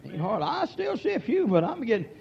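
An older man preaching a sermon, moving from quiet folksy talk to shouted, drawn-out peaks. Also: very high-pitched, huge pitch swings, creaky, muffled recording.

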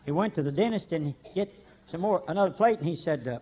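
An older man preaches a sermon in a folksy, story-telling way, slightly high-voiced for a man. He swings from shouted praise down to near-hushed warnings. The recording is dull and lo-fi. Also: animated, fast talker, breathy edge. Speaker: pastor.

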